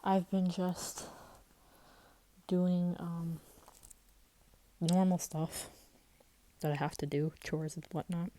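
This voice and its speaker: A woman's voice: fairly low pitch, steady tone, slow, pauses often, mellow, rough recording. A woman vlogger telling a story in a rambling, heated way, swearing and restarting often. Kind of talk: casual storytelling vlog.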